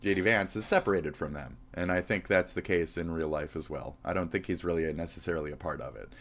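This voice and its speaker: Crude rambling male streamer, low voice. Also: quick pace, fairly bright tone. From American South. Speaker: streamer reacting to clips. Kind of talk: casual profane reaction commentary.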